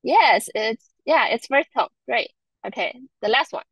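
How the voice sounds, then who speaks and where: A woman's voice: a little high, animated, measured pace, a bit bright, husky, dry recording, poor audio. A woman from Taiwan, a native Mandarin speaker, teaching Chinese tones in a live online lesson, patiently repeating each example. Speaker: Chinese language instructor.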